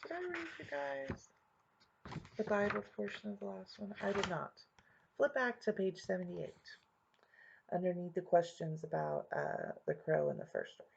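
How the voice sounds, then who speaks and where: A woman's voice: mid-range voice, normal speed, gravelly, a little hiss or hum. A woman teacher leading a reading lesson for young students, patiently explaining step by step and checking in often. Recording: dull lo-fi home recording.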